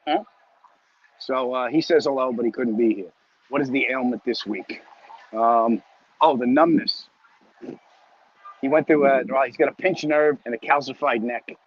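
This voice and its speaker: A man's voice: medium pitch, moderate pace, pauses often, highs cut off. A comedian chatting casually with viewers and reading their comments as he walks home, a bit winded, talking into a phone. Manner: rambling, joking, chatty. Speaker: comedian hosting a weekly live chat. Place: outdoors, walking home.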